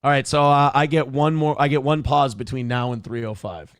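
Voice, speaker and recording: A man's voice: medium pitch, fairly even intonation, fairly quick, smooth, dry recording, studio quality. A man hosting a morning show, telling stories casually and profanely, with acted-out quotes. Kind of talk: casual chat. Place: home studio.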